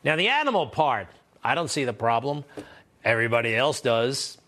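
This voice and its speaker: A man's voice: mid-range voice, big pitch swings, moderate pace, pushed and bright. Sarcastic male news commentator. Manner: sarcastic, combative, repeats phrases for emphasis.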